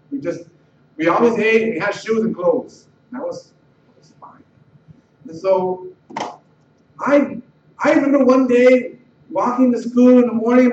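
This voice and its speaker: A middle-aged man from the Los Angeles area recounts his life story haltingly, repeating words and restarting sentences. His voice is high-pitched with a darkish tone and rises when he retells tense moments. The recording is roomy, distant, dull and slightly noisy.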